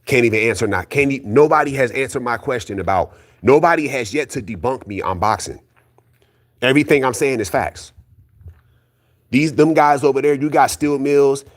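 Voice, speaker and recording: A man's voice: medium pitch, moderate pace. A man delivering a heated solo rant about boxing, blunt and profane, repeating his points insistently against his critics. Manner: profane, blunt, repetitive, argumentative; keeps calling out critics, insistent. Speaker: boxing commentary YouTuber.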